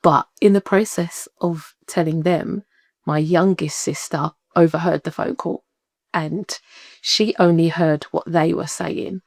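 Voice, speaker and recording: A woman, a podcast guest telling a personal story in lively conversation, acting out what people said and laughing often. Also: on the low side, unhurried, creaky, no echo, studio quality. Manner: animated, acts out quoted voices, laughs often.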